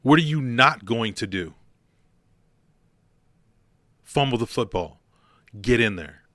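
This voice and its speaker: Curt, commanding football coach as a man quotes him, firm and loud. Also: mid-range voice, lively intonation, moderate pace, no echo, clean studio sound, lightly acted. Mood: stern. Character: stern no-nonsense male football coach.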